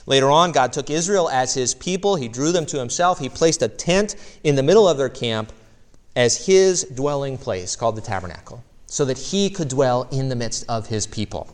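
A man preaching a sermon as pastor, lively and direct, with rhetorical questions and light asides to the congregation. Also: mid-range voice.

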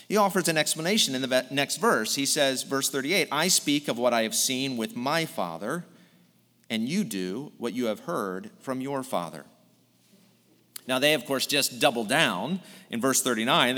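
A man's voice: medium pitch, sharp tone. A male pastor preaching an earnest sermon, explaining a text verse by verse. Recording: long hall reverb.

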